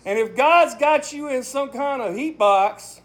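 A pastor with a very high-pitched voice preaches at a measured pace, delivering a casual, emphatic sermon and Bible study. He uses conversational language and laughs often.

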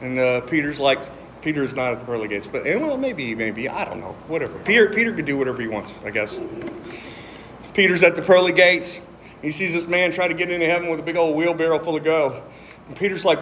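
An animated man preaching in church, with a notably high voice. He reads the verses with weight and breaks into jokes and asides between them, while a faint room ambience hangs behind him. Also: fast, slight background noise. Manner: animated, joking, reads scripture aloud with emphasis. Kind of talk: sermon.

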